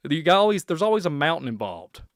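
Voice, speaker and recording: A man hosting a solo podcast, ranting in a rambling, excitable way. He chuckles often and trails off into muttering. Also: on the high side, fast, no room sound, studio quality. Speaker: podcast host.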